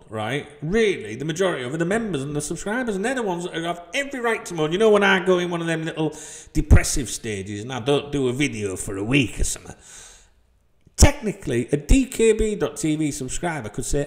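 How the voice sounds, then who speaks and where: A man's voice: a little high, very animated, fairly quick. A man, a football channel host ranting to camera in a small room with white walls. He talks in a heated, sweary, rambling way and keeps asking "you know what I mean". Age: 40s.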